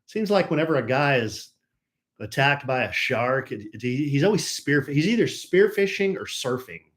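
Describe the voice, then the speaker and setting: A man's voice: mid-range voice, big pitch swings, moderate pace, a bit bright. A man co-hosting a live stream, chatting casually and greeting viewers by name in a jokey, rambling way.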